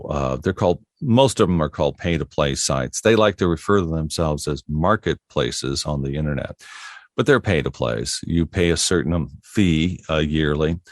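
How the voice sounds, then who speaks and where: A man's voice: rumbling low, no room sound, clean studio sound. A middle-aged man, a voiceover artist, talking easily in an interview and telling stories about his work with frequent chuckles. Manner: easygoing, anecdotal, chuckles often. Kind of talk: relaxed interview conversation.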